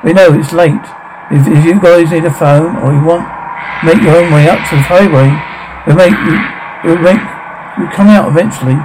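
Man acting as a commanding horror-film dad, slightly high voice, firm orders, heavy background noise. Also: moderate pace, lightly acted. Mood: tense. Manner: firm and commanding with his kids. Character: protective father stuck with daughters at night. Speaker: father of the family.

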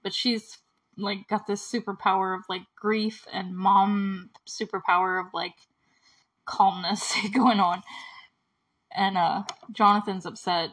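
A woman's voice: mid-range voice, little pitch movement, slow, a bit bright, rough recording. A young adult woman hosting a casual recap podcast, talking in a chatty, emotional way and using "like" often. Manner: chatty and emotional, heavy use of "like". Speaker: show host recapping a TV episode.

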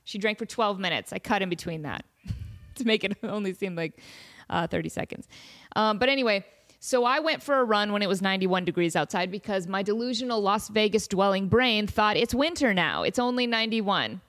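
A woman's voice: mid-range voice, a little fast, fairly bright tone. A young woman hosting her podcast who rambles on in a casual, playful way. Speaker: podcast host.

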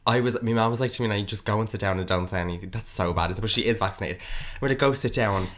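A man's voice: on the low side, fast talker, a little hiss or hum. A young Irish man co-hosting a podcast, telling a story in casual chat and quoting himself and others as he goes. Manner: animated storytelling, swearing, quotes himself. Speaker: podcast co-host.

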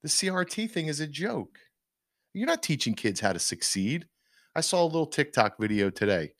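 A man's voice: fairly high pitch, very animated, moderate pace, a bit bright, dry recording, studio quality. A man co-hosting a casual podcast, ranting emphatically with frequent restarts. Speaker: podcast co-host. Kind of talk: casual opinion chat.

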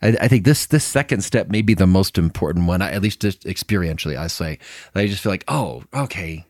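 Deep-voiced earnest man. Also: animated, a little fast, no echo, studio quality. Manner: warm, earnest, laughs easily. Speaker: podcast co-host. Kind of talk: casual conversation about marriage and faith.

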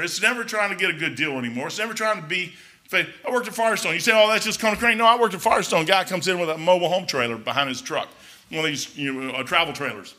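A man's voice: sits high, bright, forceful tone. A middle-aged man with a folksy, blunt manner gives a casual, rambling talk with a preaching edge, full of restarts and asides. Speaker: Christian speaker.

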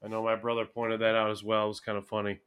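A man co-hosting a casual wrestling podcast, talking in a relaxed way and explaining with everyday comparisons. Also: on the low side, fast, smooth. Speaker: podcast co-host.

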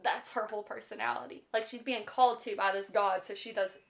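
A woman co-hosting a podcast, casually retelling book plots in an animated, chatty way, full of "like" and casual swearing. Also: mid-range voice, brisk, gravelly. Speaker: podcast co-host. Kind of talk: casual chat about books.

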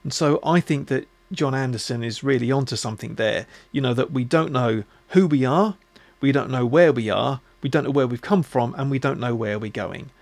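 A man hosting a podcast, talking in a musing, halting way with many restarts. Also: medium pitch, vocal fry. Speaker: podcast host. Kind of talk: casual reflective monologue.

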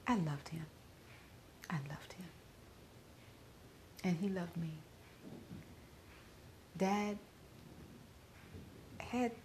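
Woman, middle-aged, grieving, soft half-whispered delivery, lowish voice, personal reflection. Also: a little hiss or hum. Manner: soft, often slipping into a whisper. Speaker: podcaster.

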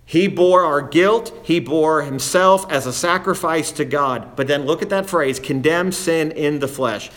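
A man's voice: a little high, a bit bright. Emphatic man preaching a sermon. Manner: emphatic, slows down to stress key phrases; quotes scripture in old-fashioned wording. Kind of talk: expository sermon.

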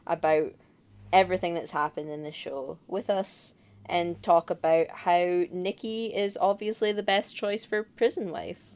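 A woman's voice: lowish voice, fairly even intonation, a little slow, a little mellow, clean tone. A woman co-hosting a podcast in casual chat, playful and chatty, trailing off with fillers. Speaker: podcast co-host.

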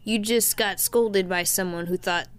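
A woman's voice: medium pitch, fairly even intonation, a little slow, smooth. A woman voice actress in a casual chat, speaking earnestly and laughing easily.

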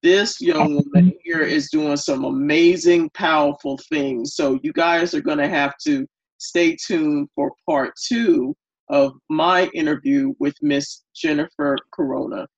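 A woman's voice: deep voice, expressive, a little slow, vocal fry, slightly rough, highs cut off. A woman podcast host wrapping up an interview and addressing listeners with encouragement.

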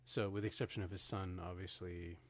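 A man with a very low voice co-hosts a podcast. He retells a film's ending in casual talk, restarting his sentences and acting out the characters' lines. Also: flat delivery, brisk, fairly bright tone. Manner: retells scenes with acted-out quotes, frequent restarts. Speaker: podcast co-host. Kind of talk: casual film discussion.

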